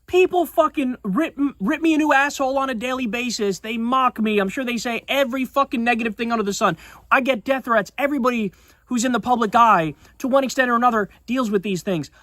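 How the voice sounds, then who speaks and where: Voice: mid-range voice, a bit bright, dry recording. Profane, indignant livestream ranter. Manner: profane, indignant, fast-talking. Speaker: streamer and political commentator. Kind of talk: casual livestream rant.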